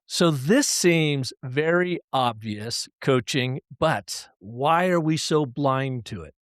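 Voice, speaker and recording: A man's voice: mid-range voice, lively intonation, slow, no room sound, studio quality. A man hosting a podcast interview, asking his guest short follow-up questions. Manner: brief prompts and follow-up questions. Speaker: podcast host.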